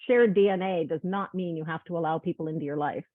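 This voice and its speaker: A woman's voice: lowish voice, fast talker, no echo. A woman in her fifties, a guest on a video call, telling heartfelt personal stories in candid chat. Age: 50s. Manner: earnest, heartfelt storytelling with quoted dialogue. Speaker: guest, medical student. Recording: tinny phone-like call audio.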